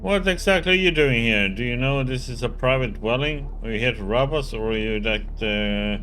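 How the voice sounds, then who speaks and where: A man's voice: mid-range voice, normal speed, a bit bright, a little hiss or hum, natural voice. Man reading as a grim, scolding middle-aged woman. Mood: accusing. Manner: accusing, stern. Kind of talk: reading game dialogue aloud.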